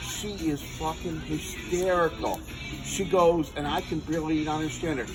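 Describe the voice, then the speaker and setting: A man casually telling a rambling story to friends, animated and swearing freely. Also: on the high side, normal speed, music in the background, rough recording.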